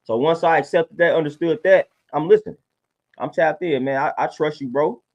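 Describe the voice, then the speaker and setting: A man's voice: on the high side, fairly quick, lo-fi sound. A man talking casually on a livestream, laid-back and preachy, often repeating his points. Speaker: livestream host.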